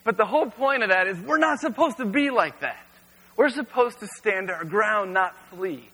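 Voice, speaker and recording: Male youth pastor, relaxed storytelling sermon, crisp bright tone, long hall echo. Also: sits high, moderate pace. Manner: casual storytelling with frequent fillers.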